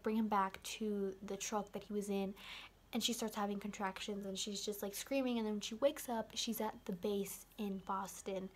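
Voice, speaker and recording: A young woman casually recapping a film's ending, rambling with lots of "like" and excited asides. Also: medium pitch. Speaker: vlogger.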